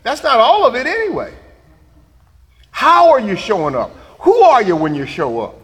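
A man's voice: very high-pitched, huge pitch swings, normal speed, fairly bright tone, big-room sound. A man preaching a sermon, laughing and making asides to the congregation. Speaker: pastor.

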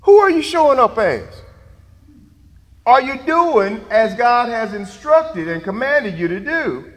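A man's voice: very high-pitched, very animated, slow pace, a bit bright, in a large hall. A man preaching a sermon, laughing and making asides to the congregation. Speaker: pastor.

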